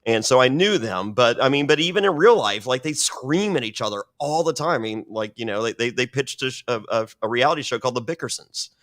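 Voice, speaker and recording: A man's voice: mid-range voice, fairly quick, hardly any pauses. A man telling stories as a podcast guest, swearing often and rambling with restarts. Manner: profane, rambling, animated. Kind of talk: casual storytelling.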